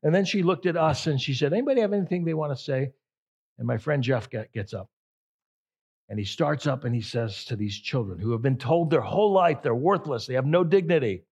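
A pastor preaching a sermon with emphatic delivery, repeating phrases for effect. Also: male voice, medium pitch, expressive, brisk, breathy edge.

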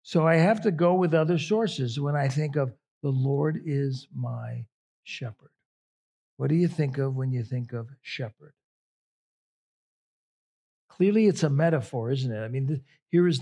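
A pastor delivering a sermon in a husky, slightly high male voice. He talks to the congregation conversationally and stretches out the words he wants to stress. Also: darkish tone. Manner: conversational, emphatic, drawn-out phrasing.

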